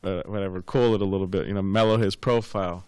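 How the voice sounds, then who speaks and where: A man's voice: low voice, steady tone, fast talker, a little mellow, smooth, dry recording. A man giving a scripture class, rambling and repeating words with many fillers, telling anecdotes. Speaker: class speaker.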